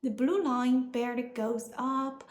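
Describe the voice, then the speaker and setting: Slow, high-voiced Chinese woman teaching. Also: steady tone, reverberant. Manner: slow, careful, deliberate explanation. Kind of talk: pronunciation lesson.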